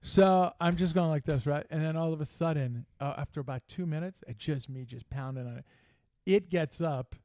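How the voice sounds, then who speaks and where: A man's voice: a little high, normal speed, a little mellow, no echo. An older man hosting a casual sports talk show, telling brash, joking stories with lots of animation. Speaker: podcast host. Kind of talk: casual storytelling chat.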